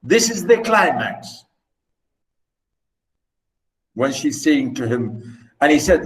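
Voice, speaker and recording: Literature teacher, emphatic, talks to the class, slow and fairly high. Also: male voice, sing-song, poor audio. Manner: chatty and emphatic, asks the class questions. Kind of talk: online literature lesson.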